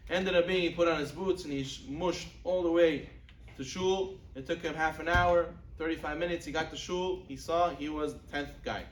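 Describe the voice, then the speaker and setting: A man's voice: fairly even intonation, normal speed, far from the mic, slight background noise. A man giving a religious lecture, telling stories and acting out quoted dialogue with Hebrew religious terms. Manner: acts out quoted dialogue, rising in pitch for characters; peppers speech with Hebrew and Yiddish religious terms. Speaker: rabbi giving a Torah class. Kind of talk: sermon-style lecture with storytelling. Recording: echoey room, speaker off-mic.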